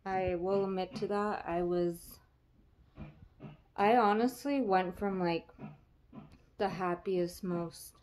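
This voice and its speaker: A woman's voice: medium pitch, steady tone, takes it slowly, pauses often, a little mellow, a little hiss or hum. Candid young woman rambling on a vlog. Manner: candid, rambling, with frequent fillers. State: pregnant. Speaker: vlogger.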